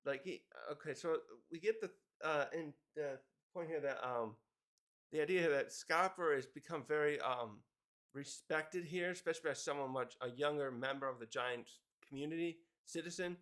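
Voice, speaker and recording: A man's voice: on the high side, normal speed, a bit bright. A man casually recapping a comic chapter, rambling with fillers and chuckles. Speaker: manga reviewer.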